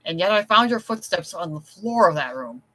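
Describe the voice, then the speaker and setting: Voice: medium pitch, lively intonation, normal speed, bright, forceful tone, a little hiss or hum, low-quality recording. A reader voicing a cold, domineering wealthy man in an audiobook story, curt and icy.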